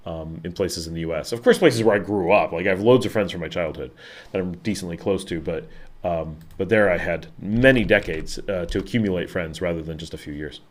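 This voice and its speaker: A man's voice: low-pitched, a little fast. A middle-aged man with a Buffalo, Western New York accent, chatting casually on a live stream, rambling with many fillers and restarts. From Western New York, USA. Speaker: livestream host. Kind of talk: casual live-stream chat reading viewer comments.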